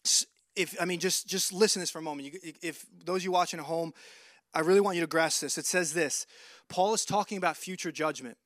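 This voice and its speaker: A man preaching a sermon. He speaks earnestly and emphatically, repeats words as he restarts phrases, and drops soft and low for emphasis. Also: quick pace, dry recording, studio quality.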